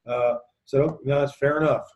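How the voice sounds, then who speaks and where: A man's voice: mid-range voice, steady tone, moderate pace, darkish tone, a little hiss or hum. A man with a New York accent, a sales trainer telling stories casually to a group and acting out what people said. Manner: talkative, acts out quotes in voices. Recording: roomy echo.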